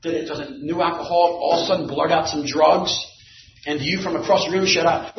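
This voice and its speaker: A man telling an animated story to a recovery meeting group, building to shouts at the big moments. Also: a little high, fairly quick, a faint crowd, slight background noise. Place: meeting room. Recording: echoey room, distant dull mic.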